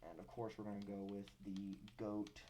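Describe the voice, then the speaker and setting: A man's voice: on the low side, normal speed, a little hiss or hum. Young man swearing through game commentary. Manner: animated, swears, mock-dramatic complaints. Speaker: gaming streamer. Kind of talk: casual live gameplay commentary.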